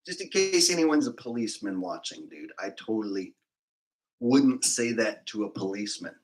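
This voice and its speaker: A man's voice: fairly low pitch, animated, moderate pace, low-quality recording. A man livestreaming, chatting casually and jokingly with his viewers in a rambling, off-the-cuff way. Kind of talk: casual chat with live viewers.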